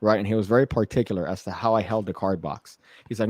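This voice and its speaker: Low-voiced man telling a profane story. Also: fast, no room sound. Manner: animated, profane, laughing storyteller. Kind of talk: casual chat, storytelling.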